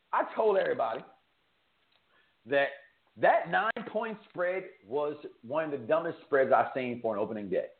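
A man hosting a sports betting show, joking and bantering, swinging from loud hype to low asides. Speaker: sports picks show host. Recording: echoey room over a tinny phone-like line.

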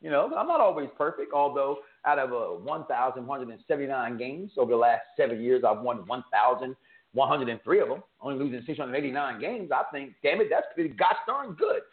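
A man hosting a sports betting show, joking and bantering, swinging from loud hype to low asides. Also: expressive, brisk. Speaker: sports picks show host. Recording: echoey room over a tinny phone-like line.

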